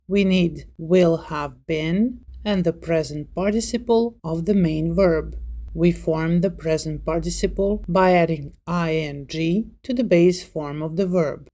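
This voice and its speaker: A woman teaches a grammar lesson in a slow, unhurried voice with a mellow, warm tone. Her pitch sits a little low, and she reads out example words one by one in a deliberate, scripted way.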